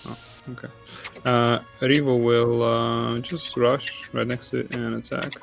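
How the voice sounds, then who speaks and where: A man playing a tabletop game, asking rules questions in an unhurried way with lots of filler. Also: mid-range voice, flat delivery, gravelly, music in the background. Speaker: player. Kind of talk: casual tabletop game play.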